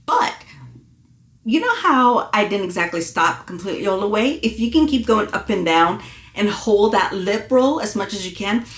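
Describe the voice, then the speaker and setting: A woman's voice: medium pitch, animated, normal speed, background noise. A woman vocal coach leading an online singing lesson, encouraging and demonstrating exercises. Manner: encouraging, demonstrates with sung hoots. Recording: echoey room.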